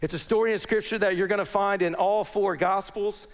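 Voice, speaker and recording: A man's voice: high voice, fairly quick. A middle-aged pastor, telling a personal story to his congregation as part of a sermon. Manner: animated storyteller addressing a congregation.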